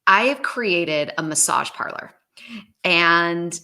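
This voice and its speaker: A woman's voice: on the low side, expressive, slow, sharp tone. A woman, an experience designer, talking animatedly on a video call, with frequent laughs and many fillers. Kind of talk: casual video call conversation.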